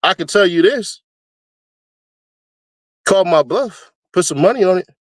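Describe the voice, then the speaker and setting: A man hosting his own casual commentary and talking animatedly, laughing often as he goes. His voice sits fairly high for a man. The sound is dry and close, with no room around it. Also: normal speed, long pauses, no echo. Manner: animated, laughs often, breaks into high-pitched screaming bits. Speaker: commentary host.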